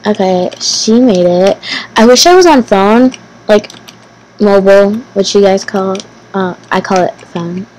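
A woman giving casual gameplay commentary as host of her channel, talking to herself nervously, repeating phrases and bursting into excited exclamations. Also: medium pitch, rough recording. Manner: nervous, anxious self-talk, repeating phrases.

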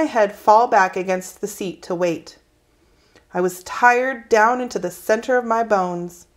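A woman reading a children's novel aloud in a calm, steady storytelling manner. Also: medium pitch, measured pace. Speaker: reader.

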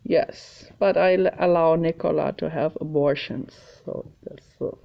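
Meandering woman host, slow and mellow, muffled home recording. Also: deep voice, steady tone, creaky. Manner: meandering, chatty, thinks aloud. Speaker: video host showing her art. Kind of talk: casual rambling home video. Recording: slightly muffled, faint hiss.

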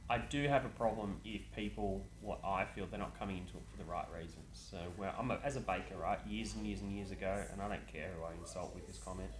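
Outspoken distiller, low voice, echoey room with faint hiss. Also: male voice, quick pace, hardly any pauses. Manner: blunt, outspoken. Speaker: distiller, guest. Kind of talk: casual chat.

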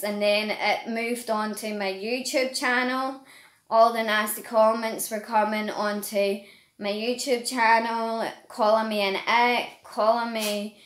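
A Northern Irish woman speaks earnestly into her camera, slow and halting as she hunts for the right words. Her voice sits fairly high, and the room around her rings with echo. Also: fairly bright tone. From Northern Ireland. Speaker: vlogger. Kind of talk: direct-to-camera vlog. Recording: echoey room.

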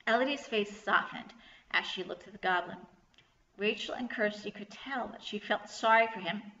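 A woman librarian reading a children's chapter book aloud with clear, lively storytelling. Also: medium pitch, moderate pace. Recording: echoey room, slightly dull sound.

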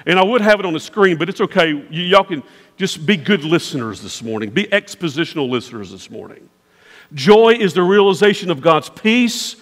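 A man's voice: high voice, fairly bright tone. A man preaching a sermon as pastor, with an emphatic, repetitive preaching cadence. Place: large church sanctuary. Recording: long church reverb.

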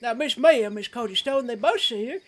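A woman playing a rambling rough frontier witness. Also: a little high, lively intonation, brisk. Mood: indignant. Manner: rambling, ungrammatical frontier talk. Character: rough-talking frontier woman, blunt and stubborn. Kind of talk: western game role-play.

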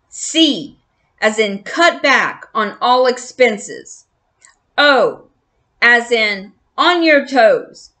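Storybook figure: a woman playing a shrieking old grandfather mouse, bossy and loud, bright voice. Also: a little high, exaggerated voice. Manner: shouting, bellowing orders.

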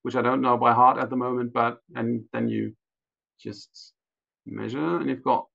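A man explaining a measuring device in a hesitant, careful way, pausing often as he searches for words. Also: medium pitch, fairly even intonation, vocal fry, a bit bright. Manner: hesitant, many fillers and restarts. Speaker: product expert. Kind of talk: technical explanation. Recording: dull lo-fi sound.

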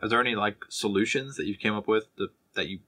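A man's voice: on the low side, fast talker, sharp tone. A young man co-hosting a podcast in casual chat, asking questions and laughing along. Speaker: podcast co-host.

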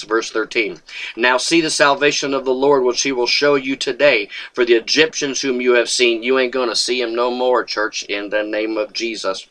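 A man delivers a short video sermon as a pastor, fervent and insistent. His voice is bright and forward, pitched in an ordinary male middle range. He keeps breaking in with hallelujah and praise God, and now and then he voices a pleading churchgoer. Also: poor audio. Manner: acts out a pleading believer's voice.

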